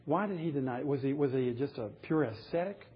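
A man's voice: medium pitch, lively intonation, fast talker, slightly rough, dull audio. A man preaching a sermon, earnest and rising to emphatic passages as he reads scripture aloud. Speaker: pastor.

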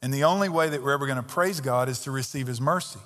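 A man's voice: mid-range voice, fast talker, fairly bright tone. A man preaching a sermon as pastor, emphatic and conversational, with pointed rhetorical questions. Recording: long reverb of a large hall.

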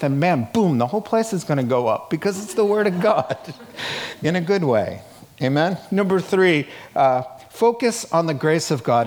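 A middle-aged male pastor with a voice on the high side delivers a sermon, speaking emphatically yet conversationally and putting rhetorical questions to his congregation.

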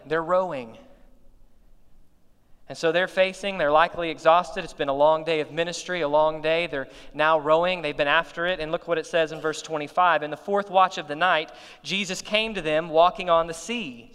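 A man's voice: a little high, sharp tone, smooth, big-room sound. A man preaching a sermon as pastor, explaining scripture and building to emphatic peaks.

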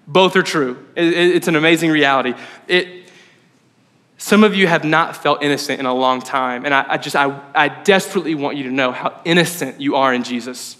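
A man preaching a sermon as pastor, conversational and animated, often checking in with the audience. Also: fairly high pitch. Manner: conversational, animated, frequent "right?" asides. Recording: long hall reverb.

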